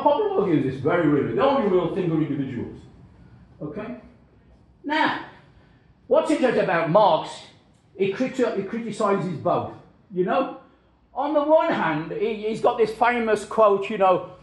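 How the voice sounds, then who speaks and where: A man's voice: high-pitched, very animated, normal speed, darkish tone. A man giving an informal lecture, talking conversationally, repeating words and checking in with his listeners. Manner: conversational, repeats words and asks "you know?" and "okay?" often. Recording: very echoey lecture room.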